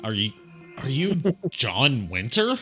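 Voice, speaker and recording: A man's voice: medium pitch, very animated, takes it slowly, pushed and bright, soft background music, full character voice. A man voicing a young male video game hero in a fan dub, asking casual, curious questions.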